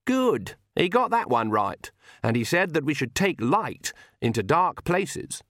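A crotchety old witch, as a male narrator puts her on, stubborn and blunt, her voice pushed well up into a higher, sharper register. She mocks people dryly and bites off short replies. The reading is close and dry, with no room sound around it. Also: sing-song, a little slow, a bit bright, dry recording. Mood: approving.

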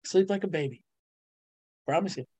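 A middle-aged woman, a ghostwriter and publisher, is the guest in an animated casual interview, telling stories as a bubbly storyteller. Her warm, slightly rough voice moves at normal speed in bursts, with frequent laughter, and jumps higher on punchlines. The recording is dry and close to the mic.

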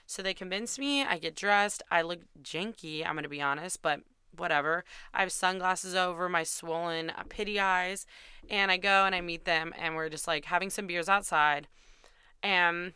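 Young woman, podcast host, candid storytelling, crisp bright voice, dry close sound. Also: lowish voice, normal speed, no room sound. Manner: chatty, self-deprecating, swears freely.

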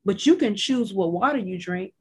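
Husky-voiced woman talking faith. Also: mid-range voice, animated, moderate pace. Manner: reflective, quotes scripture, laughs often. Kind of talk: faith-based casual chat.

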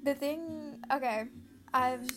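A woman's voice: sits high, slow pace, over music. A teenage girl hosting a casual home podcast, rambling, swearing freely and easily losing her train of thought. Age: teens. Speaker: podcast host.

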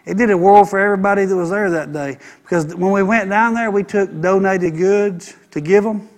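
A man delivers a sermon from the pulpit, his voice sitting notably high for a man. He is emphatic, stacking phrase on repeated phrase to press each point home. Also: brisk. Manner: emphatic preacher, repeating phrases in building runs. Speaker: pastor.

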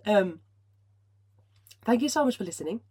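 Give me a woman in casual podcast chat, husky and a bit low, emotional and restarting often. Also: fairly even intonation, moderate pace, darkish tone. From Finland. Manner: emotional, swears freely, many restarts. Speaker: podcast host. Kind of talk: casual solo podcast talk.

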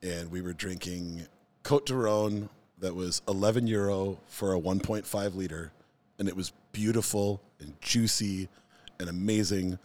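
Forties guy with a deep voice, chill storytelling in casual chat. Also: a little slow. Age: 40s. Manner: reminiscing, relaxed storytelling.

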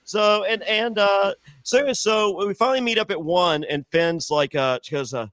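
A man's voice: a little high, normal speed, a bit bright, dry recording, clean studio sound. A middle-aged man, a podcast guest, telling a long rambling story in casual chat, with many restarts, and acting out the voices of the people in it.

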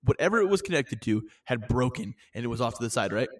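A man's voice: mid-range voice, lively intonation, fast. A man co-hosting a podcast, teasing his friend with incredulous questions in casual chat. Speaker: podcast co-host.

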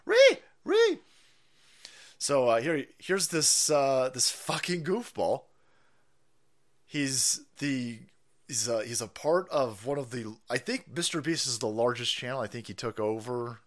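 A man hosting a stream, ranting in profane political commentary with mocking asides and sudden shouts. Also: mid-range voice, unhurried. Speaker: streamer host.

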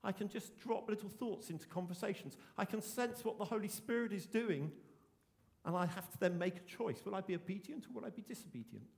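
High-voiced preacher in a reverberant hall. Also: male voice, expressive, a little fast, vocal fry, a little mellow. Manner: earnest, emphatic preaching with repeated phrases. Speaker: pastor. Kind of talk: sermon.

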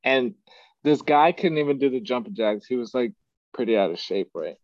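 A man's voice: mid-range voice, normal speed, no room sound. A man talks casually on his podcast, and his voice rises and falls a great deal as he tells stories. He laughs often along the way. The sound is dry and a bit dull, as if from a lo-fi mic. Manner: animated storyteller, laughs often. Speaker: podcast host. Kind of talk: casual chat.

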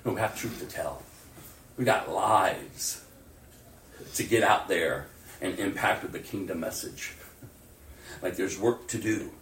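Male pastor, sermon delivery, animated swings from loud to hushed, distant mic in an echoey church, faint room ambience. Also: low voice, unhurried, pauses often, a little hiss or hum. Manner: animated, swings from loud outbursts to near-whispers.

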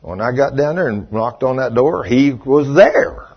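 A man's voice: mid-range voice, lively intonation, a little slow, breathy edge. An older man preaching a sermon, telling a folksy story and acting out what people said. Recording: dull lo-fi sermon recording.

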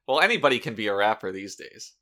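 A man's voice: fairly low pitch, sing-song, fast, bright, forceful tone. A man co-hosting a podcast in casual chat, talking with dry, sarcastic humor. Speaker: podcast co-host.

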